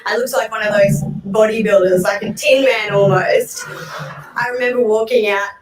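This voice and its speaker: A woman's voice: mid-range voice, fairly even intonation, normal speed, a crowd in the background. Australian woman telling a wry story, echoey. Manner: wry, self-mocking humour. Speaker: storyteller on stage. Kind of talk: personal storytelling talk. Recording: echoey room, voice distant from mic.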